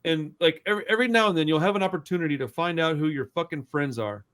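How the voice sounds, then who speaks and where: Animated, foul-mouthed man telling stories. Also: fairly high pitch, fast. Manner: loose, profane, animated storyteller. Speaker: podcast host. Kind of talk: casual storytelling chat.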